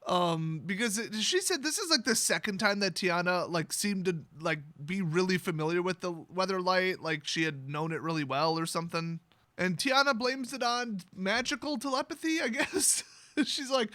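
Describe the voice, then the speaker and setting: A man's voice: high-pitched, animated, normal speed, pushed and bright, no echo. A man hosting a video, retelling a fantasy novel with sarcastic, mocking asides. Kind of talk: sarcastic comedic story retelling.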